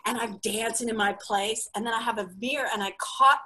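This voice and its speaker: Young female stand-up from the United States, high and bright with a breathy edge, chatty and self-mocking. Plays a set over a video call. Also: a little fast, poor audio. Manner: chatty, self-mocking, acts out quoted friends in high excited voices. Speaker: stand-up comic.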